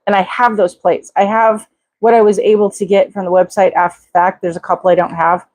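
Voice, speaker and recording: An older woman hosting a casual live chat, talking in an excitable, rambling way with many restarts. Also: mid-range voice, fairly quick, no echo, poor audio. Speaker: livestream host.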